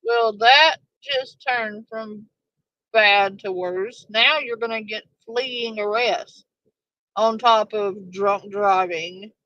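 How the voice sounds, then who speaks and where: A woman's voice: medium pitch, slow, sharp tone, dry recording, highs cut off. Blunt, profane woman reacting. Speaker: react commentator. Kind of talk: casual reaction commentary.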